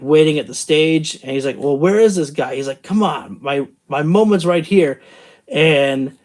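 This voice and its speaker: A tired wrestling channel host, worn out by the late hour, does a casual show review, rambling and thinking aloud with many fillers. His voice is medium in pitch and a little mellow.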